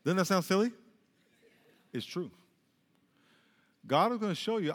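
A middle-aged man preaching a sermon from a pulpit, telling stories and acting out voices with lively restarts. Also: sits high, unhurried, pauses often, big-room sound. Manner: animated preaching with storytelling, restarts and acted-out quotes. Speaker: pastor. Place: church sanctuary with a pulpit.

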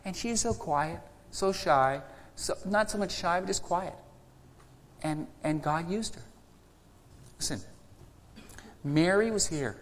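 A man's voice: sits high, slow, pauses often, long reverb tail, slight background noise. A man, older, preaching a sermon with emphatic repetition and quoted voices. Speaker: pastor.

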